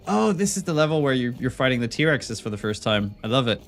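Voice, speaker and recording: A man streaming a game live, talking to himself in a rambling, playful way. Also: mid-range voice. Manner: rambling, playful self-talk. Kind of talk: live gameplay commentary. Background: game music.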